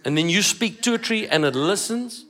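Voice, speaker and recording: A man's voice: high-pitched, animated, moderate pace, bright, forceful tone. A man preaching a sermon, emphatic, repeating phrases and acting out dialogue. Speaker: pastor.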